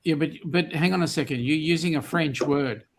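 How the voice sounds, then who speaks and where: A man's voice: a little high, a little fast, crowd noise. Older South African-raised man, teasing. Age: 60s. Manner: teasing, mock-indignant. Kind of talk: casual chat.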